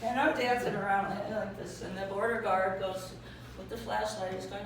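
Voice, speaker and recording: A woman telling a funny personal story to a live audience, lively and acting out other people's voices. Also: mid-range voice, normal speed. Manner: lively, acts out voices with laughter. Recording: echoey hall from far off, noisy.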